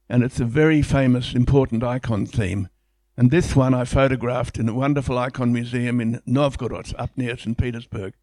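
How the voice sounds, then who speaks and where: A man's voice: medium pitch, a little mellow, no echo. A man giving an illustrated public lecture, speaking enthusiastically in a conversational way with frequent restarts.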